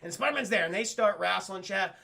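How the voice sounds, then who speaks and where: A man giving casual, energetic livestream commentary on a cartoon, swearing a lot and talking to his chat. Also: high voice, brisk, vocal fry. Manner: profane, energetic, addresses chat. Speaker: streamer reviewing cartoons.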